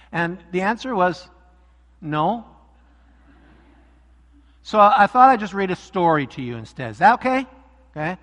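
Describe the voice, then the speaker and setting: A man preaching a relaxed, conversational sermon to his congregation. His voice sits a bit high for a man, he asks his listeners rhetorical questions, and a long reverb trails each phrase in the church hall. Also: a little slow, long pauses. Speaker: pastor. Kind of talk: sermon with storybook reading.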